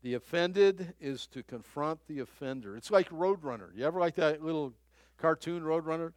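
A man preaching a conversational sermon as a pastor, halting and repeating his phrases, often chuckling as he talks. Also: fairly high pitch, clear, resonant tone, no room sound.

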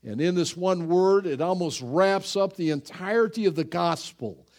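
A man preaching a sermon. He speaks slowly and dramatically and breaks into sudden loud exclamations. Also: sits high. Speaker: pastor.

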